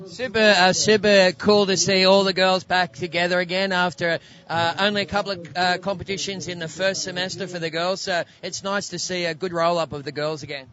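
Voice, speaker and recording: A man interviewing an athlete at a contest, upbeat and energetic. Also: high voice, a little fast, hardly any pauses, highs cut off. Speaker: beach interviewer. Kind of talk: post-heat interview.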